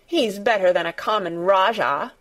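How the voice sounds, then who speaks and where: A woman acting out a stubborn storybook girl with a quick temper, blunt and sour. She speaks slowly but sharply, refusing to back down. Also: mid-range voice, expressive, close to an everyday voice. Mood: fierce. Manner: sharp, obstinate, unsympathetic.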